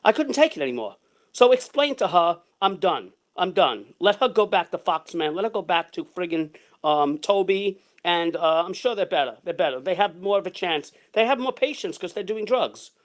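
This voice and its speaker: A man's voice: high voice, lively intonation, normal speed, few pauses. Angry ranting man, raised voice. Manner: heated, repetitive, swearing; long retellings of arguments in quotes. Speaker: vlogger.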